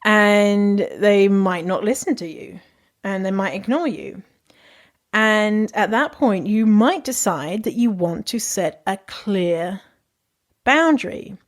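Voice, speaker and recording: A woman's voice: mid-range voice, lively intonation, slow pace. Young woman, solo podcast host, frank and chatty with plenty of swearing and laughter. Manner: candid and chatty, swears freely, laughs often. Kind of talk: casual advice monologue.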